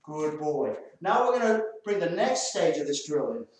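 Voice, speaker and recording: The voice belongs to an Australian man, a little high and darkish, with big pitch swings and a moderate pace. As a dog trainer, he explains a drill in a hands-on demonstration and barks firm, short commands at the dogs. Heavy echo and distance from the mic mark the recording.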